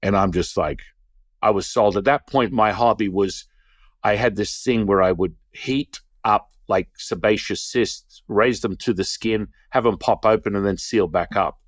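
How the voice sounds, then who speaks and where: A middle-aged man with a low voice, recorded close and dry, tells a long story in an animated way. He breaks into the voices of the people he quotes as he goes. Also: measured pace, dry recording. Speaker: Taoist teacher, interview guest. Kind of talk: casual storytelling.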